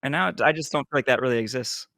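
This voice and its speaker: A fast-talking man in his thirties with a mid-range voice co-hosts a podcast, chatting casually. He tells relaxed stories sprinkled with "like." The audio is studio quality with no echo.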